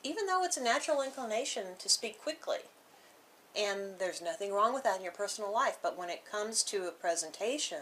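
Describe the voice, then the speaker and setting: A woman from the northern United States co-hosting an education discussion, speaking quickly and eagerly with lively, expressive intonation. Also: medium pitch, slight background noise. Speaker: co-host, educator.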